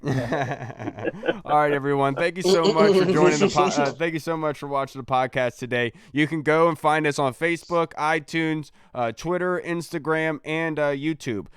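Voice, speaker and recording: Upbeat man hosting a podcast, smooth voice. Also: a little high, normal speed. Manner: upbeat sign-off patter. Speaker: podcast host. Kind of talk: casual podcast chat.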